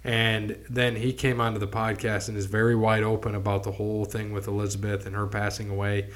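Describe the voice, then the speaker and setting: A man's voice: fairly low pitch, monotone, a little fast, a bit bright. Rambling casual podcast host, man. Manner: rambling, swears casually, many restarts. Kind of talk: casual chat.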